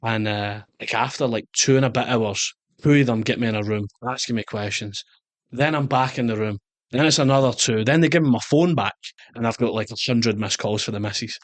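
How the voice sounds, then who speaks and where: Scottish man, fast storytelling. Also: mid-range voice, dry recording. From Scotland. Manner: animated anecdotes, jumps into quoted voices. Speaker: guest, soccer coach. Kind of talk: casual interview storytelling.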